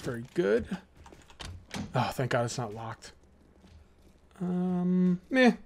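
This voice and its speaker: A young adult man giving casual let's-play commentary as a gaming YouTuber, chatty and excitable, full of rambling asides. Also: high-pitched, slow, vocal fry.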